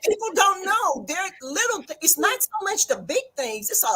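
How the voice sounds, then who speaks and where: A woman guest telling animated stories in a casual livestream chat, acting out what people said to her. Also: very high voice, normal speed. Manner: animated storyteller, acts out quotes, laughs often.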